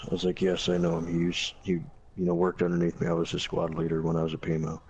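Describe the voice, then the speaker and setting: A man's voice: deep voice, monotone, quick pace, a little mellow, slight background noise, rough recording. A young man, a former Marine, casually telling a profane, blunt story and quoting people along the way.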